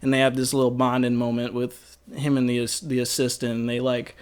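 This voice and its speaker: A man's voice: medium pitch, flat delivery, a little fast, clean tone. A man co-hosting a movie podcast in casual chat, laughing often and rambling through jokes. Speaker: podcast co-host.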